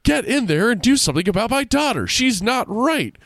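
A man voicing a frantic middle-aged mother who screams and pleads in a shrill voice. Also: very animated, fairly quick, creaky, fairly bright tone, dry recording, clean studio sound, exaggerated voice.

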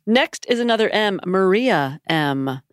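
A woman's voice: mid-range voice, animated, measured pace, no room sound, clean studio sound. A woman co-hosting a podcast in casual chat, giggling often and reading out supporters' names. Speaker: podcast co-host.

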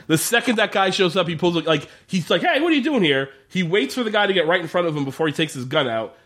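A profane, laughing man recaps a TV episode with a co-host in loose podcast chat. His voice sits a little higher than most men's and moves a great deal, leaping up whenever he acts out a line. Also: animated, quick pace, fairly bright tone.

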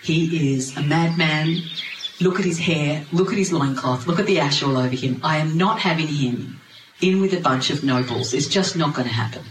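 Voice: mid-range voice, moderate pace, distant mic, natural voice. A storyteller voicing a proud, scornful king who sneers at his daughter's chosen husband, in a room with echo and noise behind. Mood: adamant. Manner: mocking, exasperated, rising. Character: scornful proud old king, disdainful father. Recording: roomy, noisy ambience.

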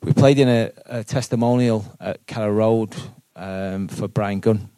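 A man's voice: on the low side, steady tone, measured pace, dark tone, no room sound. A man, a football manager answering questions earnestly at a live podcast, often repeating words as he thinks aloud. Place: boardroom with live audience.

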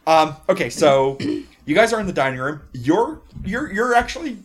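A man's voice: a little high, very animated, moderate pace. A man acting as game master in a tabletop role-playing game, explaining the scene in a rambling, hesitant way. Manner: rambling, hesitant, many fillers and restarts.

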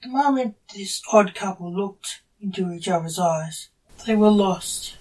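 A woman narrating a story on her podcast in a measured, deliberate read. Her pace is slow and her pitch sits in a middle range. The voice sounds a little distant from the microphone. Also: darkish tone. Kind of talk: reading a story aloud.

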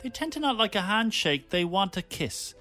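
Animated Irish radio co-host, man. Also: sits high, normal speed, soft background music. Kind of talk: casual radio banter. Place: radio studio.

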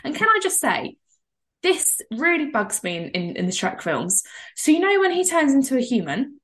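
A young woman co-hosting a casual podcast chat, animated and excitable, often breaking into laughter. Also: high-pitched, normal speed. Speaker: podcast co-host.

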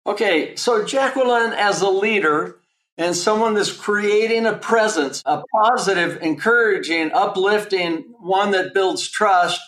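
A man's voice: sits high, measured pace, a bit bright, reverberant. A man hosting an interview, stringing together descriptive words before putting his question. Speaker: podcast host.

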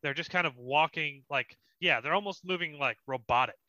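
A man's voice: fairly high pitch, fairly quick, pushed and bright, no echo, muffled recording. A young man narrating as dungeon master of a tabletop game, in a casual, descriptive way. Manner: descriptive, laughs often, casual.

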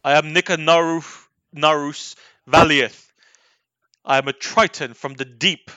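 A man's voice: fairly high pitch, fairly even intonation, unhurried, bright, forceful tone, dry recording, muffled recording. A man voicing a proud royal guard from the sea who speaks formally and insistently. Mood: pompous.

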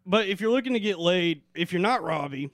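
High-voiced man telling a story. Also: brisk, dry recording. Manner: animated storyteller, repeats "dude". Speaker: podcast co-host. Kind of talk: casual chat.

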